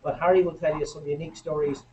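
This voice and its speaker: A businessman introducing the next speaker in a relaxed, hesitant way with plenty of ums. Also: fairly high pitch, quick pace. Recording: distant lo-fi recording with faint noise.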